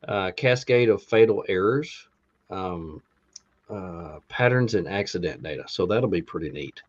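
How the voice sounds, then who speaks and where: Male podcast co-host, low voice, halting and filler-heavy as he reads a list, muffled lo-fi audio. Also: animated. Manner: reads out a class list with many ums and uhs. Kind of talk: casual podcast chat. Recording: dull lo-fi sound.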